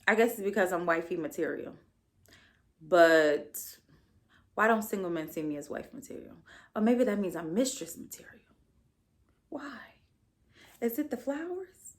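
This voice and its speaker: A woman's voice: medium pitch, animated, normal speed, pauses often. Sassy, blunt young woman podcast host. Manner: sassy, blunt and profane, with playful asides. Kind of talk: casual solo recap monologue.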